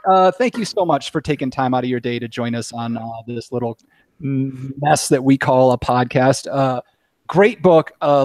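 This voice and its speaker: A man's voice: mid-range voice, a little mellow, no echo, clean studio sound. A man hosting a casual podcast, chatty and full of filler words. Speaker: podcast host.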